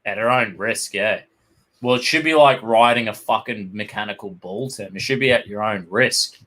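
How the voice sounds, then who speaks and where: A man's voice: fairly low pitch, normal speed, a bit bright. An Australian man chatting as co-host, swearing constantly and telling rowdy pub anecdotes. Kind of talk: casual chat.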